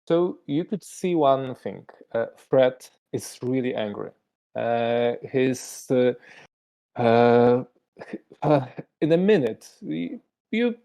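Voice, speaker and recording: Slow, halting game master with a Polish accent. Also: mid-range voice, expressive, dark tone. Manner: halting, with many fillers. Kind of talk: narrating a tabletop game.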